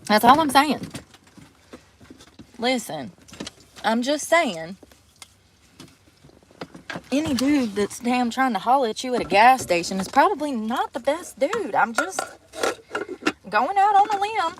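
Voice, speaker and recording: A young woman ranting bluntly and profanely on a casual live stream, exasperated and loud-mouthed. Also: fairly high pitch, big pitch swings, measured pace, long pauses, background noise. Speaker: livestreamer.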